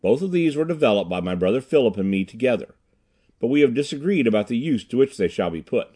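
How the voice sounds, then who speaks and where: A man reading an audiobook, voicing a brisk, self-assured inventor who talks with crisp urgency. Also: mid-range voice, sing-song, mellow. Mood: earnest. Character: brisk, commanding older male inventor.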